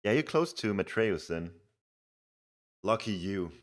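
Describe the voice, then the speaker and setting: A man's voice: on the low side, very animated, unhurried. A young man streaming a strategy game, chatting casually and reading viewers' messages aloud with easy laughs. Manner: chatty, reads chat aloud, laughs easily. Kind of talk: casual live game commentary.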